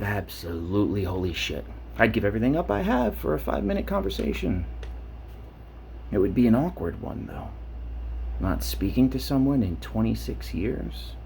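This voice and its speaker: A man's voice: fairly low pitch, gravelly, darkish tone, a little hiss or hum. A man in his late thirties giving a rambling, profane monologue for his vlog, talking himself into a worked-up state in his shower. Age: 30s. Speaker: vlogger. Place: home shower.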